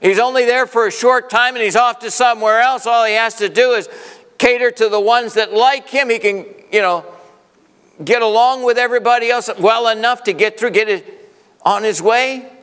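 Animated preacher in a reverberant hall. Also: male voice, extremely high pitch, normal speed, clear, resonant tone. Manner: animated preaching, swinging between loud peaks and hushed asides. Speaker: pastor. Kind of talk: sermon. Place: church sanctuary.

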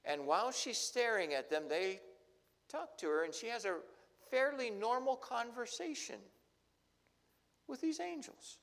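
A male pastor preaching a sermon, telling the story dramatically and swinging between loud and hushed. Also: very high voice, lively intonation, measured pace, gravelly. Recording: long hall reverb.

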